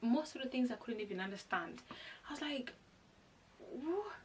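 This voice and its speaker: A young woman vlogger chatting casually, retelling a personal story with lively quoted asides. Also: high voice, moderate pace, husky. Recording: voice a bit far from the mic.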